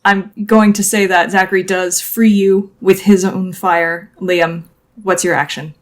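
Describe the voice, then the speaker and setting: A woman's voice: lowish voice, steady tone, a little slow. A woman narrating a tabletop game as game master, setting scenes vividly with lots of casual fillers.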